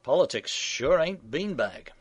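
A man's voice: on the high side, big pitch swings, a little slow, slightly rough, no echo. A man hosting a radio show, reading scripted satirical commentary in a dry, sardonic, mock-indignant manner.

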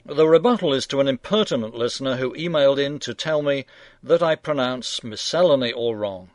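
A man's voice: mid-range voice, lively intonation, a little fast, no echo. Dry, sardonic male radio commentator. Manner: dry, sardonic, mock-indignant. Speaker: radio show host. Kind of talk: scripted satirical commentary.

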